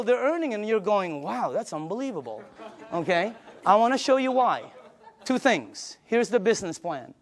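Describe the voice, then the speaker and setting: A man giving an emphatic, energetic sales pitch to a live audience in a meeting room, chuckling between points. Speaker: sales presenter.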